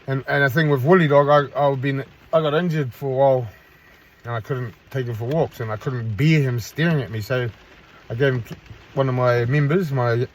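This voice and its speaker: A man's voice: mid-range voice, steady tone, normal speed. A man vlogging from a parked car by a park, telling a rambling, blunt story in casual talk with frequent restarts.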